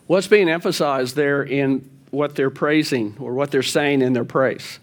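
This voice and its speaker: A man's voice: mid-range voice, a little slow, few pauses. A man leading a Bible study in a conversational way, often checking in with his listeners and asking them questions. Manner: informal, with fillers and self-corrections.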